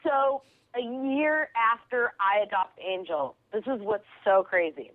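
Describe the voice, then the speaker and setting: A woman comedian telling an animated story as a radio guest, acting out the people in it. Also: mid-range voice, unhurried, no room sound. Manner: excitable, quotes people in her stories. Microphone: phone call. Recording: tinny phone line.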